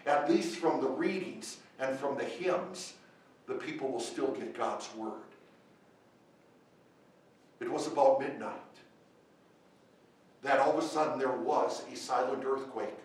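Male pastor, sermon delivery, loud emphatic peaks and hushed asides, distant mic in a very reverberant church. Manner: swings between loud emphatic questions and quiet low asides. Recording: very echoey church from far off.

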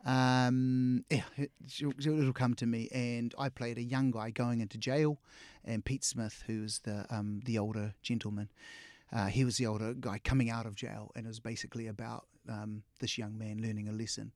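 At a moderate pace and medium pitch, a middle-aged actor with a New Zealand accent tells casual stories as an interview guest. He acts out quotes animatedly and laughs often. The recording is dry, with clean studio sound.

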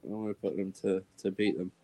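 A man in a casual sports chat, rambling through his football predictions in a relaxed way. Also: low-pitched, fast talker.

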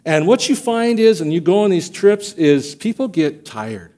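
A man preaching a sermon as pastor of a church, telling stories and acting out quotes with lively energy. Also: high-pitched, a little slow. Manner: animated storytelling, acts out quotes. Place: church sanctuary.

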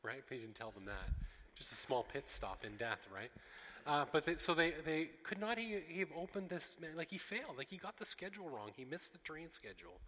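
A man delivers a sermon, lively and expressive, slipping into the voices of the characters he retells. His tone is bright and forward, and his words ring out with the long reverb of a large hall. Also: on the high side, brisk. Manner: expressive, acting out quoted voices, frequent restarts. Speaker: pastor.

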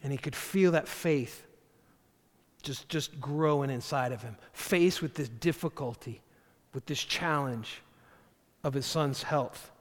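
A man preaching a sermon as pastor, animated and acting out the voices of the figures he quotes. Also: medium pitch, slow pace. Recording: long hall reverb.

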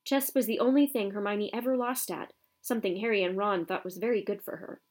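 A woman narrates a children's novel with steady storytelling. Her middle-pitched voice carries the scenes along evenly. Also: brisk. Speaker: audiobook narrator. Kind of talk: scripted narration.

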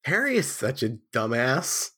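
A man's voice: a little slow, slightly rough. A man co-hosting a podcast, sounding nasal with the flu, chatting in a wry, sweary way. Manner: wry, sweary, lively pitch swings. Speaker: podcast co-host. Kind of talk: casual chat.

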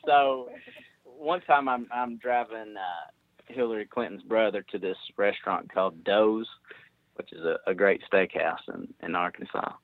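A man's voice: on the low side, normal speed, no echo. A man with a Kentucky accent telling a story in a casual podcast chat, rambling and laughing as he goes. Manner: rambling, laughing, repeats words. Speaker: podcast co-host, guest. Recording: dry tinny phone-like line.

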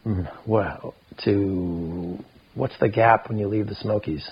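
A man's voice: lowish voice, slow, slightly rough, highs cut off. A middle-aged man, a podcast guest, telling a rambling story full of quoted back-and-forth. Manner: rambling, retells scenes with quoted dialogue. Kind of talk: casual storytelling.

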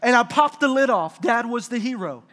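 A middle-aged man preaching a sermon, telling a family story with lively asides and calling out questions to the congregation. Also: very high-pitched, normal speed. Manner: animated storytelling with audience call-outs. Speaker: pastor.

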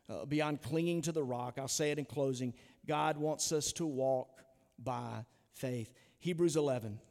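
A pastor delivering an earnest, emphatic sermon full of rhetorical questions. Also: male voice, mid-range voice, a little mellow, big-room sound. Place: church sanctuary.

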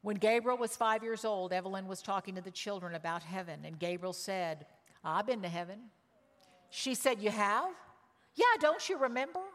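A woman preaching a sermon, telling a story with emotion and shifting from loud cries to hushed words. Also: mid-range voice, moderate pace, big-room sound. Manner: emotional, swings from loud exclamations to hushed tones.

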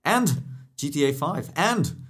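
A man's voice: on the high side, big pitch swings, slow, fairly bright tone, slightly rough. A man with a Dutch accent co-hosting a casual podcast, hesitant and full of fillers as he reads out listener names. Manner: hesitant, many fillers and restarts while reading out names. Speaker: podcast co-host.

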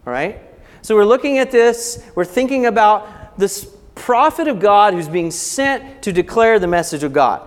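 A male pastor teaching a sermon in a high voice that rises and falls freely. He explains things step by step and keeps checking in with "okay?", acting out bits of dialogue along the way. A long reverb trails off behind him in the church hall. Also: sing-song, a little slow.

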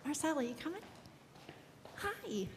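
A woman pastor giving a children's sermon in a church sanctuary, animated and playful with the kids. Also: high voice, unhurried. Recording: long church hall reverb, faint hum.

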